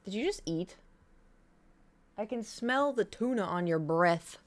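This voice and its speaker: Woman streamer, casual chat, rambling storyteller, mid-pitched voice, animated retelling. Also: a little slow.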